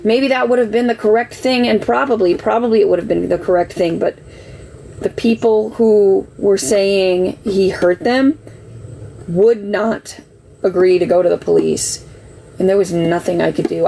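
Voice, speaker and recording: A woman's voice: mid-range voice, unhurried, creaky, warm tone, a little hiss or hum, poor audio. A woman on a live stream explaining herself in an emotional, defensive, rambling way, full of "like" fillers. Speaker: livestreamer telling her side. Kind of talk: casual live-stream monologue.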